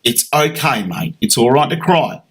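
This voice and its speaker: A man's voice: mid-range voice, big pitch swings, moderate pace, noisy background. A man hosting an interview, blunt and sweary while reassuring his guest. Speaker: host.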